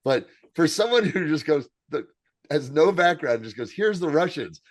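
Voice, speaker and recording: A man in his fifties co-hosting a podcast, telling animated, profane stories in casual chat. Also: a little high, moderate pace, no room sound, studio quality. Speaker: podcast co-host.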